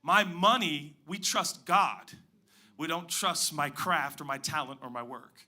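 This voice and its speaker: A man preaching a sermon as pastor, moving between loud emphatic lines and quiet hushed asides. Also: on the high side, animated, moderate pace. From Pacific Northwest.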